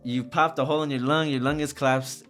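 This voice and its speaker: A young man, a rapper, telling a wild personal story in a casual, profane, animated way. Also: mid-range voice, fast talker, faint music behind. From Socorro. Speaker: rapper guest.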